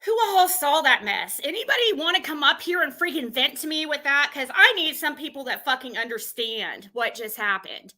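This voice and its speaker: A woman live streamer ranting in a heated, exasperated way, swearing and firing off quick outbursts. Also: sits high, expressive, pushed and bright. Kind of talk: heated livestream rant.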